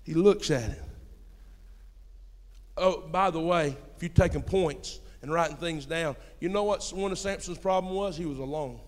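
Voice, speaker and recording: A man preaching a sermon in a church. He moves between quiet storytelling and loud emphatic peaks, throwing rhetorical questions at the congregation. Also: a little high, normal speed. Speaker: pastor. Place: church sanctuary. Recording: long hall reverb in a church.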